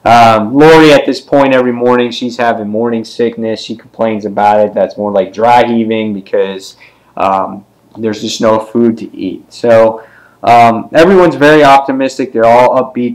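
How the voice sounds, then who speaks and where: A man talks through a comic book issue in a loose, chatty way, with plenty of ums. Now and then he jumps into a quick voice for a character as he retells a scene. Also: lowish voice, rough recording. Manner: loose and casual, with many ums. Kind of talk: casual comic book review.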